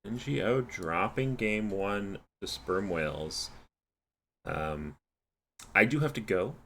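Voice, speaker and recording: A man casts a live esports match, calling the plays before settling into tired, casual chat with his co-caster, yawning along the way. His lowish voice is animated, slow, pushed and bright, with a little hiss or hum in the audio.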